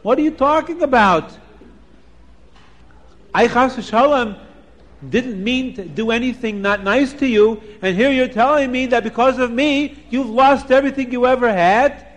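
A man's voice: very high voice, a little slow, a bit bright, long reverb tail, pitched above the performer's own voice. A man doing a bewildered kind rich father. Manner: earnest, protesting.

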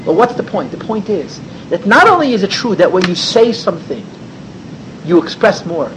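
A man's voice: moderate pace, a little hiss or hum, rough recording. A man teaching a Torah class, asking rhetorical questions and swinging his voice up and down for emphasis. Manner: animated, rhetorical questions, sweeping pitch for emphasis.

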